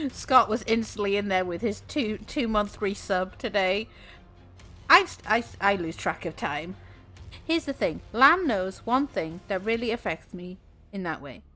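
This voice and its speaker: Giggly woman streamer, bright voice. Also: medium pitch. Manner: giggly, teasing, laughs often. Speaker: VTuber streamer. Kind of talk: casual live-stream chat with viewers.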